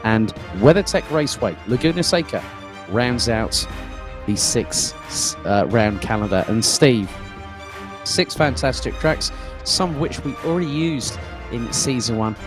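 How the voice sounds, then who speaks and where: A man's voice: mid-range voice, animated, measured pace, music in the background. A man doing lead commentary on a sim race stream, chatty and loose, with fillers and restarts. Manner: conversational, fillers and restarts, reads out viewer comments.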